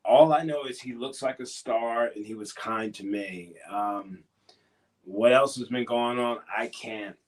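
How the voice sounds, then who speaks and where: Man, wrestler guest, mid-pitch, earnest, pauses and restarts often, warm encouragement. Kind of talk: casual live Q&A interview.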